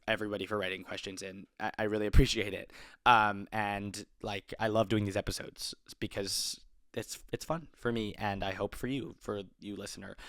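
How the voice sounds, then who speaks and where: A man's voice: fairly low pitch, fairly bright tone, no echo, studio quality. A young man in his twenties hosting an advice podcast, talking casually with lots of fillers and self-corrections. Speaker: podcast host.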